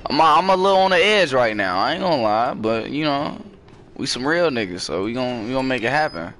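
A young man giving profane, excitable horror gameplay commentary, jumping into screams and then downplaying it. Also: medium pitch, a little fast, a little hiss or hum. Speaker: gaming streamer.

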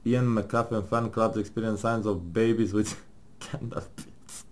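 A man with a lowish, steady voice takes his time as he plays a game with his partner. He jokes around, laughs and swears while reading the questions and answers aloud in a mock-serious tone, like casual gaming commentary.

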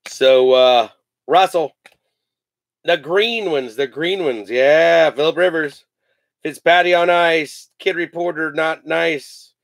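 A man's voice: fairly high pitch, slow, gravelly, no room sound. A man hosting a live sports card break, joking, laughing and rattling off player names as he opens packs. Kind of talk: casual live card-opening chat.

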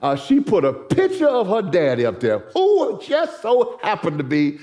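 Animated man preaching a sermon. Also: high voice, normal speed. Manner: storytelling with folksy asides to the congregation. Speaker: pastor. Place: church sanctuary.

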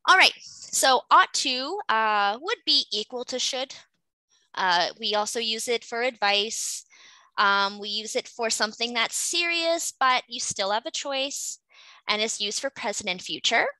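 A woman's voice: a little high, expressive, a little slow, pushed and bright, dry recording, low-quality recording. A Canadian woman teaching an English class over a video call, patiently explaining grammar and calling on students.

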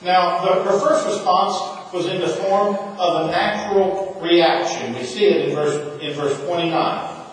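Man, pastor, expressive sermon, slow and deliberate, distant mic, long church reverb. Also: sits high, a little hiss or hum. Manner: expressive preaching, slow and emphatic. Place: church sanctuary. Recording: echoey church hall, from a distance.

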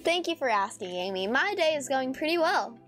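A young woman from California chatting casually on a solo livestream, rambling and deadpan with self-mocking asides. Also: sits high, fairly quick. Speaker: streamer. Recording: music playing behind.

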